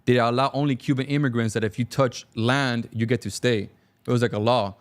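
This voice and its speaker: A young man from Cuba telling his life story as a talk-show guest, animated and acting out dialogue. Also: medium pitch. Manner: fast, animated, acts out dialogue. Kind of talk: casual storytelling.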